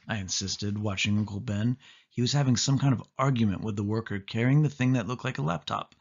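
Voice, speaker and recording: Guy reading a kids' book out loud, husky voice, dull lo-fi recording. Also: lowish voice, fairly quick. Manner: steady first-person narration. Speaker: audiobook reader. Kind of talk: storybook reading aloud. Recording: dull lo-fi audio.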